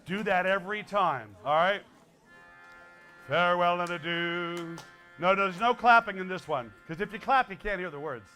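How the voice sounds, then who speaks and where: Faint music plays behind a Connecticut man in his sixties whose voice sits high, sounding animated, pushed and bright. A folk musician and guest performer in a school hall, he keeps the live audience laughing with teasing jokes and quick asides.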